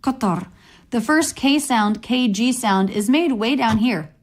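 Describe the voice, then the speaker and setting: Woman teaching pronunciation, slightly high voice, explains each sound carefully. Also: measured pace. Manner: clear and explanatory. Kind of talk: pronunciation lesson clip.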